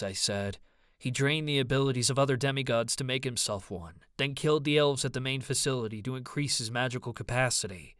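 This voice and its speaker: A man's voice: mid-range voice, a little fast, a bit bright, no echo, clean studio sound. A man narrating an audiobook in first person, with a brooding, introspective manner.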